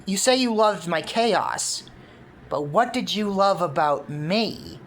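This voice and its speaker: A woman's voice: mid-range voice, expressive, slow pace, a little hiss or hum. A woman voicing a male chaos spirit who speaks firmly and earnestly.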